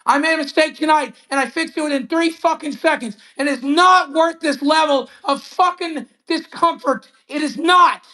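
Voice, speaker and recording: A man's voice: extremely high pitch, moderate pace, hardly any pauses, sharp tone. A man in his fifties venting angrily and profanely on a live stream, hard on himself. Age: 50s. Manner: angry, profane, self-critical venting. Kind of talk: heated live-stream argument.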